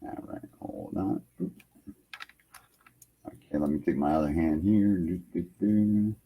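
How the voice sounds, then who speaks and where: A man's voice: very deep voice, a little slow, warm tone, slightly rough. A man hosting an internet radio livestream, rambling loosely in casual chat from his home computer setup and filling lines with "man".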